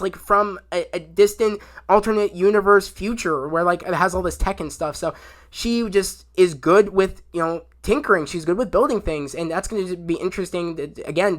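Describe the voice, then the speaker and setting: Young man, fairly high voice, casual tv review, rambling, lots of fillers. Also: fairly bright tone. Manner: rambling, many fillers and restarts. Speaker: show reviewer.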